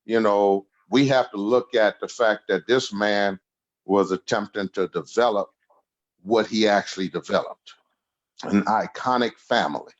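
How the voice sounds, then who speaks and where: A man's voice: lowish voice, fairly even intonation, a little slow. Older man in his sixties, easygoing joker and storyteller, slightly muffled sound. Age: 60s. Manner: humorous, laughs through his stories. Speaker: podcast guest. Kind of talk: casual storytelling interview.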